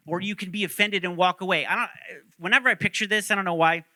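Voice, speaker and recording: Male pastor, sermon, joking storyteller, high bright voice, dry sound. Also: quick pace, dry recording.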